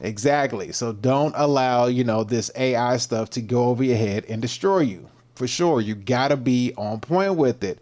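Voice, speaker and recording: A man's voice: mid-range voice, normal speed, hardly any pauses, darkish tone. A man hosts a fitness livestream in a mid-range voice. He chats casually and greets viewers by name, with easy slang and loose rambling asides.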